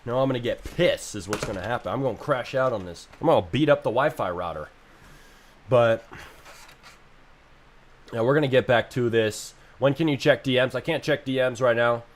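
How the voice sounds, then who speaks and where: A man's voice: medium pitch, moderate pace, slight background noise. A young man live-streaming, ranting about his internet in a frustrated, casual way and swearing freely.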